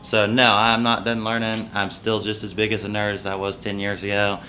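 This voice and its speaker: A man's voice: lowish voice, level tone, brisk, bright, forceful tone, slight background noise. A young man, a country singer telling his story in a casual interview, earnest and humble, rambling with restarts.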